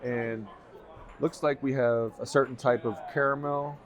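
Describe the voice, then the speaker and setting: A man vlogs from a crowded restaurant, his mid-range voice steady and a little slow. In this casual food review to camera he raves excitedly about every bite, backed by crowd chatter.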